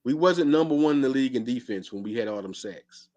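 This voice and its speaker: A man's voice: medium pitch, lively intonation, fast, darkish tone, muffled recording. A man hosting a sports podcast, arguing emphatically and repeating his points in casual speech. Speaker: podcast host.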